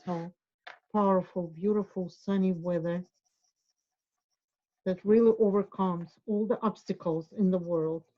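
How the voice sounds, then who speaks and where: A woman's voice: on the low side, highs cut off. Encouraging woman teaching a drawing lesson. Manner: encouraging, drawing while she talks. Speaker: art instructor.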